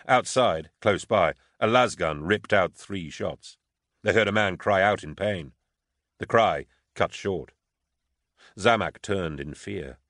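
A man reading an audiobook as narrator, in a measured, steady storytelling manner. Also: low-pitched, no echo, clean studio sound. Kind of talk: scripted narration.

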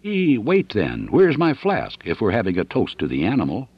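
A man voicing an excitable, blunt male surveyor, loud and exclamatory, in an audiobook. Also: fairly low pitch, normal speed, husky, dry recording, lo-fi sound, pitched above the performer's own voice, full character voice. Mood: agitated.

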